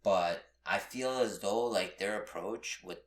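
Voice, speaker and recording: A young man, a professional fighter, chatting casually as a podcast guest in a relaxed way. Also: lowish voice, unhurried, roomy sound. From Canada. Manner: relaxed, says "bro" and "you know what I mean". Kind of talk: casual chat.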